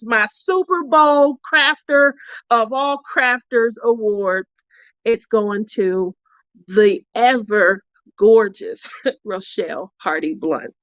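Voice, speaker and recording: A woman's voice: fairly high pitch, a bit bright, no echo. A woman hosting a craft channel in casual chat, talking freely and laughing often. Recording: dull, dry lo-fi recording.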